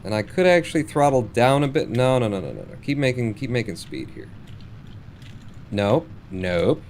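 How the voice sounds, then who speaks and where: A man's voice: mid-range voice, very animated, moderate pace, a little mellow, slight background noise. A man streaming a space game live, muttering and swearing at the game with sarcastic frustration. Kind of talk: live gameplay commentary.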